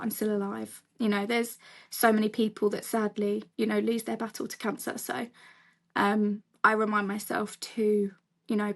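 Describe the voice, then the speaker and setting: A woman in her twenties with an Essex accent, talking in a relaxed, open way. She speaks at an ordinary middle pitch and fills her sentences with "you know" and "like" as she tells her own story. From England. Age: 20s. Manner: open, chatty, many fillers like "you know". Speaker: cancer survivor sharing her story. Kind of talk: casual interview talk.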